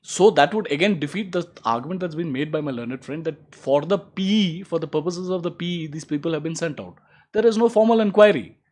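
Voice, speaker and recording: A man's voice: expressive, a little fast, darkish tone. A man, an advocate replying to opposing counsel in court, formal and emphatic, with "my lords" threaded through his argument. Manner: formal and emphatic, repeats "my lords", rises in pitch to stress points.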